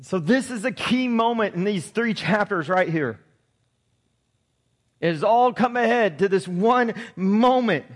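A man preaching a sermon, retelling a scripture story in a lively way and reading verses aloud. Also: sits high, unhurried.

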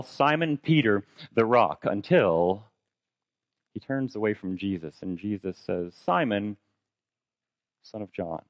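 A man's voice: medium pitch, dry recording. A man preaching a sermon in a conversational way, posing rhetorical questions and retelling a story dramatically. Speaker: pastor.

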